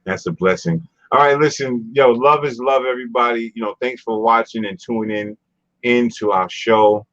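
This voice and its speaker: A man's voice: mid-range voice, moderate pace, a bit bright, no room sound, dull audio. A man hosting a casual talk show, rambling and laid-back, often repeating himself. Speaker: show host.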